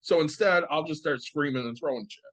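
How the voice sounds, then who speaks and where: A man co-hosting a casual podcast who talks things through in a calm, reflective, matter-of-fact way. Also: on the high side, fairly quick, no echo. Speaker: podcast co-host. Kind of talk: casual chat. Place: podcast studio.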